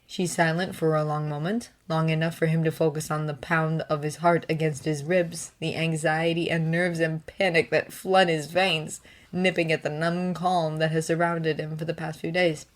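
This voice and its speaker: A woman narrating a fanfiction audio reading in a soft, steady manner. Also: sits low, normal speed. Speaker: fanfiction reader.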